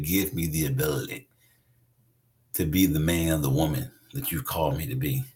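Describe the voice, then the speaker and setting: A man preaching a conversational sermon, emphatic and repeating his phrases for weight. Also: very deep voice.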